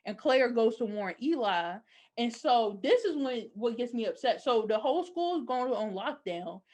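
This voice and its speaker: Young woman podcast cohost, kinda high voice, animated and opinionated, says like a lot. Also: normal speed. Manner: animated, opinionated storytelling with frequent "like". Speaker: podcast co-host. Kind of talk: casual chat recapping a TV episode.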